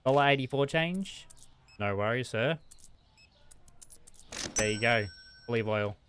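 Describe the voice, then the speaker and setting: A young man streaming a shop game, talking fast and frazzled to his customers and himself. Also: medium pitch, a bit bright, slight background noise. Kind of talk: live-streamed gameplay commentary.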